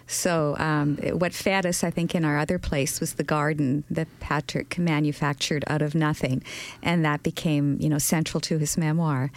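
A woman's voice: low voice, steady tone, moderate pace, no echo. A woman from the Canadian prairies, a poet guest, speaking reflectively and lyrically in an interview. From Canadian prairies, Saskatchewan. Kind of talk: conversational interview.

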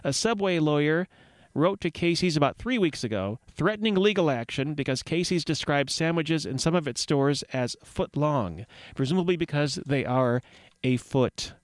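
A man's voice: a little high, animated, moderate pace, no room sound. A man hosting a community radio news segment, reading items with wry, rambling asides and puns. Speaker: radio host. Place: radio studio.

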